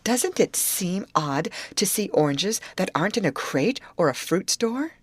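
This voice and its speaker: A woman voicing an eager, excitable young woman who speaks in bright exclamations. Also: medium pitch, a little slow, breathy edge, dry recording, voice pushed up.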